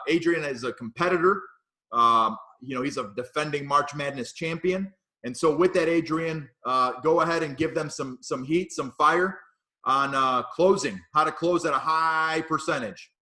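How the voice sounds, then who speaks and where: A man leading an agency team meeting on a video call, briskly introducing and praising a top agent. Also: fairly high pitch, pushed and bright, echoey room.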